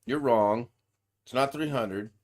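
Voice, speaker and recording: A man's voice: mid-range voice, takes it slowly. Chatty man hosting a livestream quiz. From United States. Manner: chatty, laughs often, reads viewer comments aloud. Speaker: livestream host. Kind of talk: casual chat on a live video call. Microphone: desk microphone.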